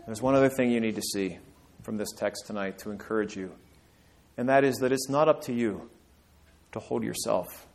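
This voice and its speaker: A male pastor preaching a sermon, building to emphatic peaks and dropping to quiet, earnest lines. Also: lowish voice, normal speed.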